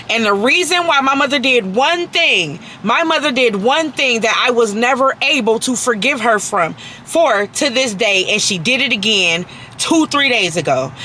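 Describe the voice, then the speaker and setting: A woman's voice: on the high side, sharp tone, slight background noise, rough recording. A woman vlogger ranting angrily to camera, profane and emphatic, repeating herself for force. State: very angry. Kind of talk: angry personal rant to camera.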